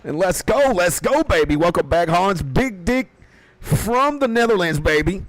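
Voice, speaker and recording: A young man doing a high, loud put-on pirate voice in a mock Australian twang to greet his viewers. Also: animated, unhurried, no room sound, rough recording. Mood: rowdy. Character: rowdy young male pirate sailor, pseudo-Australian.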